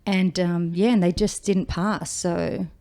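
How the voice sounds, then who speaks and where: Australian woman firefighter, 40s, gravelly, warm-toned, chatty storyteller. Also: fairly low pitch, slow. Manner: chatty, animated retelling with quoted speech. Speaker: guest, firefighter. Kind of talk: casual interview storytelling.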